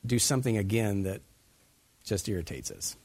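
A man's voice: lowish voice, very animated, normal speed, a little mellow, no room sound. A man preaching a sermon as pastor, putting many direct questions to his listeners.

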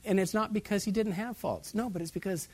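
A man's voice: high-pitched, brisk, breathy edge, no room sound. A man preaching a sermon as pastor, putting many direct questions to his listeners.

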